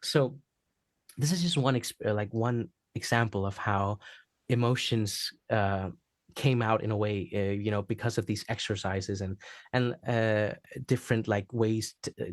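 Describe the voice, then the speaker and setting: A man's voice: fairly low pitch, moderate pace, no room sound, clean studio sound. A man guest on a podcast, telling a personal story in a casual interview and acting out the quotes. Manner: animated storyteller, acts out quotes, laughs often. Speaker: podcast guest, actor and singer.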